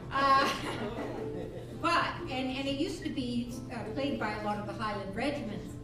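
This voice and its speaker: Older lady chatting between songs, high voice, slow, echoey bar picked up from far off, music going. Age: around 70. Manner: chatty and relaxed, laughing at herself. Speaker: ukulele jam leader. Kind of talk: casual on-stage song introductions.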